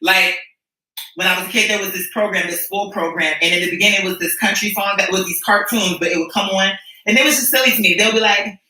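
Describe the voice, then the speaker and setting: A rambling, profane streamer chats with viewers, sassy and quick to restart sentences. The voice is very bright and sharp. It rings around a very echoey room from a mic set well back. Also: mid-range voice, recorded from a distance. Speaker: streamer and musician. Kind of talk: casual chat with viewers.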